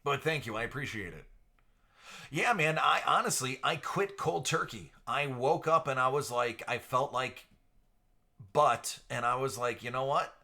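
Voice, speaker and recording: Brief: male stream host, bright projected voice, casual chat, studio mic. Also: medium pitch, animated, unhurried. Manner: projected radio-style delivery, chatty. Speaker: live stream card breaker host. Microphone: entry-level studio microphone.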